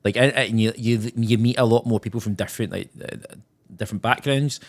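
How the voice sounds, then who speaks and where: A Scottish man in his thirties talks as a podcast guest. His voice sits at an ordinary middle pitch, and he keeps stalling and restarting his sentences in a loose, casual way. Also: steady tone. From Scotland. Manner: halting, with many restarts and fillers. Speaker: guest, actor.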